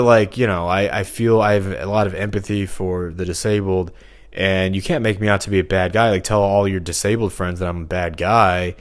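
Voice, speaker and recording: A man talking alone in a rambling podcast monologue, full of fillers and restarts. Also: low-pitched.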